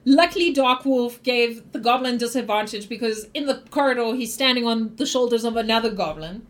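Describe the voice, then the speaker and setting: High-voiced woman running a tabletop game. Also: a little fast. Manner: giggly, loose, rambling narration. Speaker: game master.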